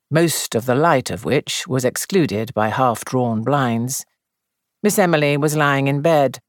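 A woman reading a story aloud in measured, even narration. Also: extremely low pitch, no room sound, studio quality. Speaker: audiobook narrator. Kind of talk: scripted narration.

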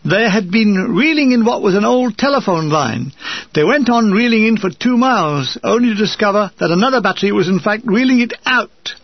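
Man, memoir reading, wry deadpan humor, high voice, dull lo-fi sound. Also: a little fast, dry recording. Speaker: narrator reading a war memoir. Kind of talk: first-person memoir reading. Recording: dull lo-fi recording.

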